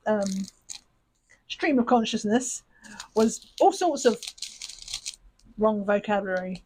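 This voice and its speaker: A woman's voice: mid-range voice, animated, measured pace, long pauses, a little mellow, poor audio. A woman hosting a crafting channel, chatting in a rambling, self-mocking way while she sorts her supplies. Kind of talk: casual chat while sorting craft supplies.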